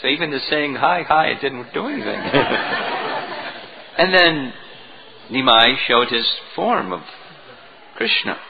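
A man lecturing as a spiritual teacher, retelling a devotional story in an animated way, on a dull lo-fi recording. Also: mid-range voice, slow, pauses often, a faint crowd, slight background noise. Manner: animated storytelling, chuckling at moments.

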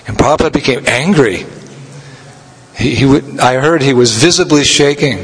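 A man giving a scripture lecture as a spiritual teacher, telling stories in a measured way and laughing now and then. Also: medium pitch, fairly bright tone. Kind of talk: sermon. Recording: long hall reverb.

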